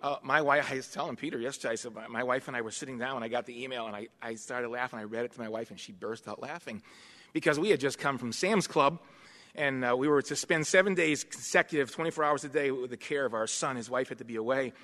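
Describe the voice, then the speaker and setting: Bright-voiced preacher in an echoing hall. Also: male voice, mid-range voice, quick pace. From United States. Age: 50s. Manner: swings from quiet asides to loud emphatic preaching. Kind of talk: sermon. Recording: long hall reverb.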